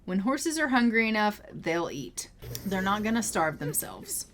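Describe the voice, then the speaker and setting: A woman voicing a calm grandmother who knows horses, speaking in a matter-of-fact, reassuring way in a life-sim game playthrough. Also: mid-range voice, a little slow.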